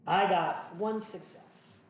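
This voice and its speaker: A man's voice: high-pitched, slow. Chatty man narrating a board game. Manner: chatty, jokey and self-mocking, talking through each move. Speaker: solo board game player and channel host. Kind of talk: casual playthrough commentary. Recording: echoey room with faint noise.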